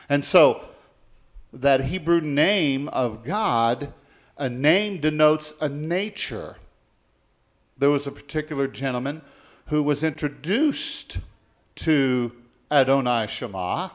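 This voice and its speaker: A man preaching a sermon as pastor, leading the congregation in call-and-response and swinging between soft and loud passages. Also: a little high, animated, slow pace, pauses often.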